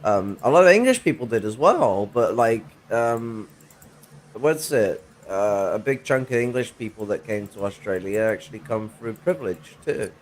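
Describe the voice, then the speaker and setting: A man's voice: on the low side, animated, normal speed, slight background noise. A man in casual political chat on a livestream, rambling and swearing with many fillers and restarts, through a worn-out USB mic. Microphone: failing USB mic.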